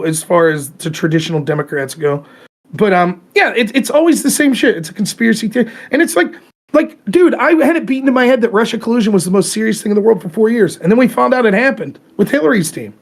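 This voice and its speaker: A man hosting his own talk show, ranting heatedly about politics with plenty of swearing and mocking asides. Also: high voice. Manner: profane, fired-up, talks in rapid bursts and mimics opponents. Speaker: show host.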